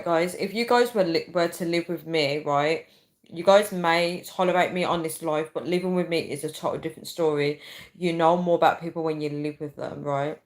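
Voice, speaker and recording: A woman's voice: on the low side, rough recording. A woman in her thirties hosting a casual livestream, rambling chattily and often calling her viewers "guys.". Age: 30s. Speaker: livestream host.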